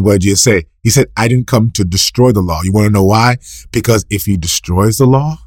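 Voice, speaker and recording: A man's voice: darkish tone, husky, no room sound, clean studio sound. Man preaching a questioning sermon. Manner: asks and answers his own questions, repeats scripture quotes; rises sharply in pitch and volume for emphasis. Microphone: recorded for a podcast.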